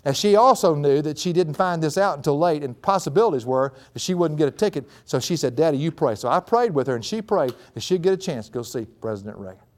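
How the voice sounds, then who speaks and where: A middle-aged man preaching a folksy sermon before a live audience, telling a family story and laughing often, his voice climbing high when excited. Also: quick pace, few pauses.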